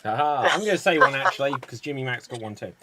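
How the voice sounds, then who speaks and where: A man hosting an online improv comedy show, explaining the games in a brisk, upbeat way. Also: mid-range voice, lively intonation, very noisy.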